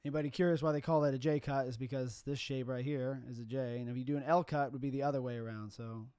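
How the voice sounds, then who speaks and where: A man's voice: mid-range voice, fairly even intonation, fast, mellow, clear, resonant tone, no room sound. Chatty man explaining a video edit. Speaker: wedding videographer. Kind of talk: casual editing walkthrough. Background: music.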